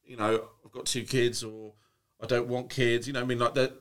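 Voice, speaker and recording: A man's voice: medium pitch, level tone, fairly quick, fairly bright tone. A man chatting on a podcast, rambling through a story with lots of restarts and swearing. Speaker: podcast co-host. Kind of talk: casual chat.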